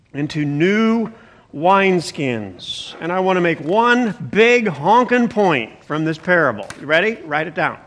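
This sermon comes from a pastor with a high voice who preaches in a lively, conversational manner. He punctuates his reading and explanation of the text with exclamations.

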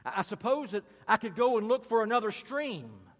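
A man's voice: high voice, expressive, a little fast, a bit bright, big-room sound, pitched above the performer's own voice. A man voicing a frightened, thirsty young girl who pleads timidly and hesitantly. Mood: timid pleading.

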